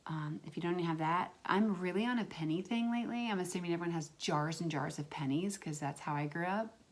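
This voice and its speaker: A woman's voice: lowish voice, a little fast. A woman teaching a remote lesson to young children as their kindergarten teacher, drawing out words in a sing-song way.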